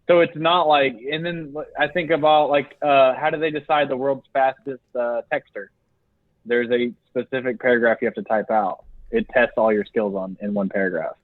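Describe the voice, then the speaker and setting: A man's voice: medium pitch, steady tone, normal speed, dry recording. A young man co-hosting a casual podcast, telling rambling stories and laughing as he talks. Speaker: podcast co-host. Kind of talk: casual chat. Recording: dry, tinny phone-like sound.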